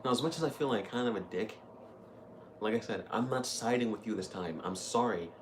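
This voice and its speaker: A young man with a lowish voice hosts a gaming video, chatting casually through a let's-play and laughing easily. His intonation is lively and his pace brisk, with slight background noise.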